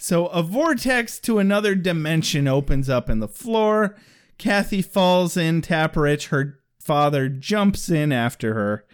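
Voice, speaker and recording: A man co-hosting a podcast and recapping a show in casual chat, with crude jokes and quick put-on voices. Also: a little high, animated, clean tone. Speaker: podcast co-host.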